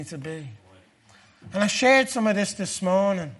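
A middle-aged man giving a testimony sermon, moving from quiet storytelling to loud, fervent preaching. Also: sits high, expressive, measured pace, long pauses.

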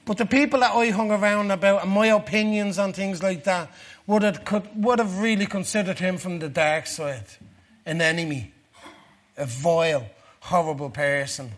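A middle-aged man giving a testimony sermon, moving from quiet storytelling to loud, fervent preaching. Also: sits high, normal speed.

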